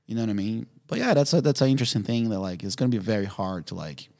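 A man with an English, his voice sitting a bit low. He tells stories as a podcast guest, animated and quick to laugh, padding his sentences with "you know what I mean". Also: creaky. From Brazil. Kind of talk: casual storytelling.

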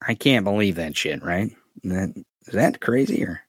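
A man's voice: sits low, expressive, normal speed, breathy edge, no room sound, clean studio sound. Ranting, profane male podcast host. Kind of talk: political commentary podcast.

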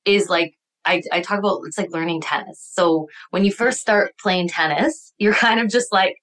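A woman's voice: fairly low pitch, moderate pace, a bit bright. A woman chatting casually as a podcast guest, upbeat and laughing often, with lots of "like" fillers. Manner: upbeat, laughs often, acts out voices in quotes; many "like" fillers. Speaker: guest, accountant and bookkeeping coach.

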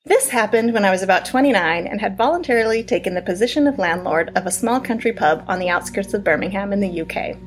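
A woman co-hosting a casual podcast. She laughs easily between lines and reads the story in a steady, ordinary voice of middle pitch. Faint music plays behind her. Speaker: podcast co-host reading listener stories. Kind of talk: casual chat and story reading.

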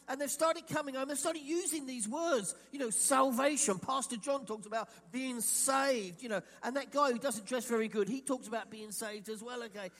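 A man from England preaching with an animated delivery and a strikingly high voice. He acts out the questions of imagined listeners. His voice carries a long reverb, like a big hall. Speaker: pastor. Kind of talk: sermon.

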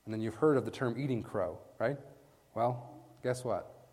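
A man preaching a sermon with emphatic stress, swinging from hushed lines to loud bursts and often asking his listeners "right?". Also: mid-range voice, moderate pace. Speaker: preacher teaching a Bible passage. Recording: long reverb from a large hall.

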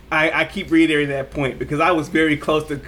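Blunt, swearing man, fairly high voice. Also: flat delivery, fairly quick, a bit bright, a little hiss or hum. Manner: blunt, profane, emphatic. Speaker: podcast co-host. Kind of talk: casual movie discussion.

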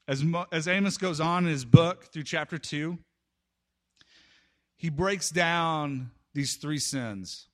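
A man preaching a sermon, retelling a story with dramatic swings between loud outbursts and hushed pauses. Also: fairly high pitch.

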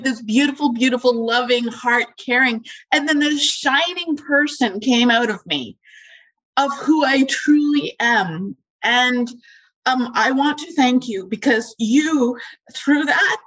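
A woman from the audience giving a heartfelt, halting testimony over a video call, emotional and close to tears. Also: a little high, fairly bright tone, highs cut off. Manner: heartfelt, halting, many fillers.

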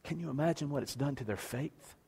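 A man's voice: mid-range voice, brisk, creaky, darkish tone, breathy edge, long reverb tail. A man preaching a passionate sermon as pastor, repeating questions and stammering through restarts.

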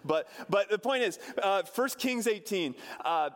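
A pastor giving a sermon, retelling a scripture story in a conversational way with touches of humor. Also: male voice, high voice, expressive, measured pace, long reverb tail.

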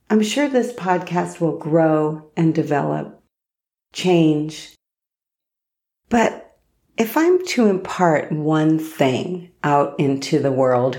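Woman host, solo podcast, mellow and gravelly tone, low register, unhurried storytelling. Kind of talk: reflective solo podcast monologue.

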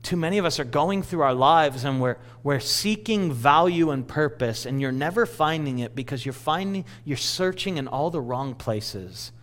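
A middle-aged man preaching a sermon, telling a story in a lively, self-mocking way. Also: on the high side, moderate pace, few pauses. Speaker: pastor.

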